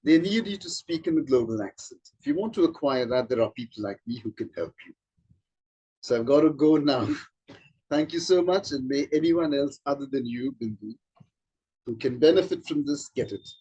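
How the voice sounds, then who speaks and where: A man, a trainer, explaining slowly and demonstrating vowel sounds. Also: fairly high pitch, expressive, dark tone, breathy edge, low-quality recording. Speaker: accent trainer. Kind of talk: informal spoken explanation.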